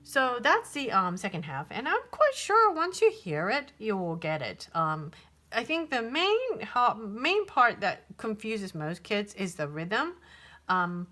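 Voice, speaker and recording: Slow, lively-pitched woman teaching piano. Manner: patient, counts beats and sings rhythms aloud; hesitant, many ums and restarts. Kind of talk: piano tutorial. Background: piano playing.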